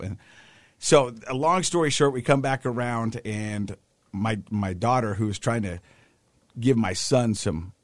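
A man's voice: mid-range voice, a little slow, no echo, studio quality. A man co-hosting a casual talk show, telling a story with energy and acting out the people in it. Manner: animated storyteller, acts out the people in his story. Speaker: co-host. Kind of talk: casual chat.

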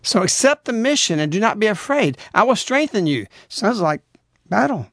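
A man preaches over the radio in an urgent, exhorting manner. His pitch leaps about as he swings from low warnings to high, pleading outbursts. The sound is dry and close, with no room around it. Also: sing-song, moderate pace, a bit bright, no echo. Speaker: radio host.

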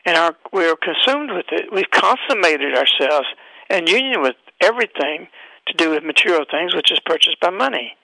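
A man's voice: fairly high pitch, sing-song, normal speed, gravelly, bright, forceful tone, dry recording, poor audio. A man hosting a radio talk show, delivering an emphatic, preachy monologue full of rhetorical questions.

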